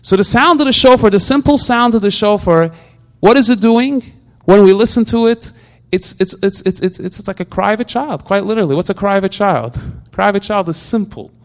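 A man's voice: sits high, a little fast. A man giving an informal religious talk, full of rhetorical questions, often stuck repeating a word before going on. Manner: repetitive stammering restarts, animated rhetorical questions.

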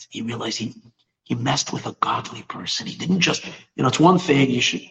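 A male preacher telling a religious story in an animated way, often repeating and restarting his words. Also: medium pitch, moderate pace, vocal fry, poor audio. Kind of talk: storytelling sermon.

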